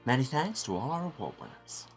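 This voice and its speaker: A man's voice: mid-range voice, huge pitch swings, brisk, soft background music, pitched above the performer's own voice. A man voicing a formal male awards show presenter in a game, in announcing style.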